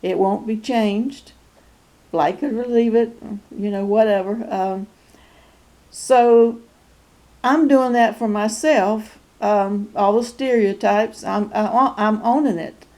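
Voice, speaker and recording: A woman in her sixties with a North Carolina Southern accent, talking casually to camera in a halting way with many fillers and frequent chuckles. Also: mid-range voice, a little mellow. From North Carolina, USA. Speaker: YouTube channel host. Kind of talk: casual personal vlog.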